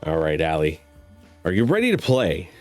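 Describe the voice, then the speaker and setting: A man's voice: sits low, huge pitch swings, normal speed, soft background music. A man hosting a streamed game show, teasing his guest with bawdy jokes and running through the rules. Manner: joking, teasing, bawdy patter.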